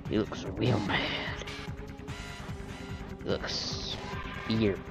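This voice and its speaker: A man's voice: fairly low pitch, steady tone, drawn-out words. A man in a put-on British accent gives rambling let's-play commentary and talks to the enemies on screen. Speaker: gamer. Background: game music.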